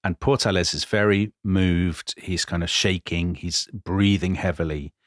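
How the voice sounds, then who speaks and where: Animated man telling history. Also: low-pitched, measured pace, dry recording, clean studio sound. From Britain. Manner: animated, dramatizing quotes with voice changes. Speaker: podcast co-host. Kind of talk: conversational history storytelling.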